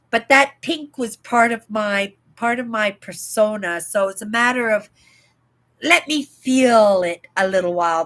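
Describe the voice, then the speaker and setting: A woman's voice: mid-range voice, pushed and bright, low-quality recording. An older woman from Canada hosting a casual livestream, chatting and rambling, often checking in with "right?". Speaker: livestream host.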